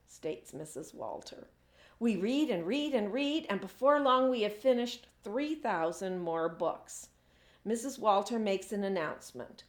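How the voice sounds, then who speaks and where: A woman, a children's author, reading her picture book aloud in an expressive storytelling way. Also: mid-range voice, unhurried. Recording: echoey room.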